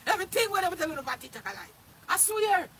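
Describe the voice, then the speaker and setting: A man with a Jamaican accent in an angry livestream rant, cursing loudly and often shouting. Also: very high voice, big pitch swings, quick pace, slight background noise. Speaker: social media personality.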